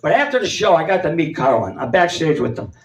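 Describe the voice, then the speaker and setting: A man's voice: on the high side, big pitch swings, fast talker. A man in his seventies telling rambling stand-up anecdotes on a comedy club stage and acting out the voices of people in his stories. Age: 70s. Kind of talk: stand-up storytelling. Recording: roomy club sound from far off.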